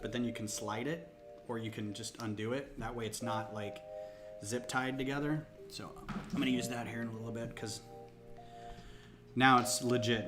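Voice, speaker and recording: A chatty man hosts a casual live stream from a home table, close on a desktop microphone. His voice sits at a middle pitch, and he talks his way through each step with jokey asides while ambient music plays behind him. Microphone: desktop USB microphone close to the speaker. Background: ambient music from a laptop.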